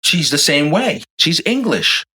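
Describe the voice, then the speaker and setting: A man co-hosting a podcast, talking in an animated, playful, slangy way in casual chat. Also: a little high, measured pace, husky. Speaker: podcast co-host.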